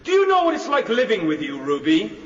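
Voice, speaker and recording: A man's voice: high voice, huge pitch swings, fairly quick, heavy background noise. A man playing a surly working-class husband in a play-within-a-play, grumbling and scornful, in a period radio comedy-drama. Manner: grumbling, scornful, rising to shouts. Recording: dull roomy radio broadcast.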